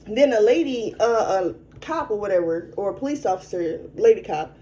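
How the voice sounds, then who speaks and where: A woman's voice: medium pitch, animated, warm tone, rough recording. A young adult woman telling a personal story frankly as an interview guest, in a conversational way. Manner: frank, conversational, quick to vent.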